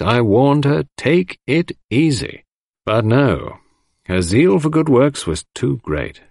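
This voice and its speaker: A man's voice: medium pitch, gravelly, slightly rough, dry recording, studio quality, pitched above the performer's own voice, exaggerated voice. A man doing a fussy portly old country doctor. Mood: sorrowful. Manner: fussy, drawn-out murmuring.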